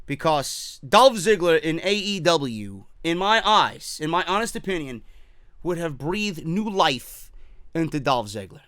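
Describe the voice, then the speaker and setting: Brief: fired-up male ranter, bright high voice, dry close sound. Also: very animated, a little slow, no echo. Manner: heated, profane, repetitive ranting; mocking quoted voices. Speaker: wrestling commentary host. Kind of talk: ranting opinion show.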